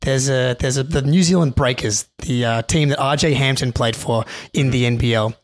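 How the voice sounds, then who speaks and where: A young man, a podcast co-host, telling a story in an animated, excitable way with many restarts. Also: medium pitch, normal speed. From Australia. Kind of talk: casual storytelling.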